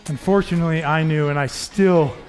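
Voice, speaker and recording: A man's voice: a little high, fairly even intonation, fairly quick, darkish tone, faint music behind. A man leading a home dumbbell workout as fitness coach, calling out cues and counting reps in an encouraging way.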